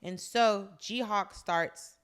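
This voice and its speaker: A woman co-hosting a podcast, recapping a drama in casual chat, blunt and animated, swearing freely. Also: mid-range voice, very slow, clean tone. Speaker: podcast co-host.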